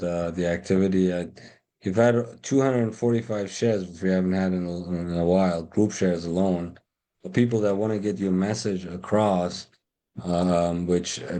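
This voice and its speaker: A man hosting an interview closes the show in a halting way, with many pauses and fillers. His voice is low and mellow, warm in tone. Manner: halting, filler-heavy delivery. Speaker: host. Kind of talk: interview wrap-up.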